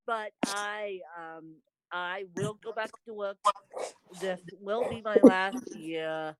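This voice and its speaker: Slow-talking woman podcast host, rambling. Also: mid-range voice, background noise. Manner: rambling, repeats herself, laughs often. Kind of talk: casual podcast chat.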